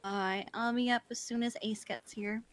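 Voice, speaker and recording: High-voiced woman, animated storyteller. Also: moderate pace. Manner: animated storyteller, swears freely. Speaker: roleplay player. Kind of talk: casual in-character chat.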